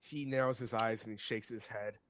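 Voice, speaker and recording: A man's voice: fairly low pitch, fairly even intonation, a little fast, a bit bright, slight background noise. A man narrating as game master of a tabletop game, speaking hesitantly with many fillers, recorded on dull lo-fi audio.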